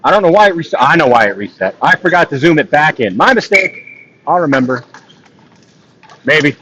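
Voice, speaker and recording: A man doing solo play-by-play of a ball hockey game, joking with chat between plays and rising in excitement on big plays. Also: a little high, fairly quick, highs cut off, noisy background. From not from Texas. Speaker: play-by-play commentator. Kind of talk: solo live sports commentary with chat asides.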